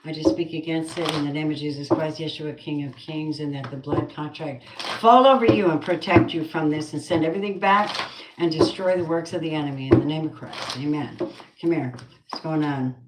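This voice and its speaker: A woman's voice: sits low, fairly even intonation, fairly quick, roomy sound, very noisy. A woman giving a spoken tarot reading with prayers, blunt and earthy, muttering asides to herself. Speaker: tarot card reader.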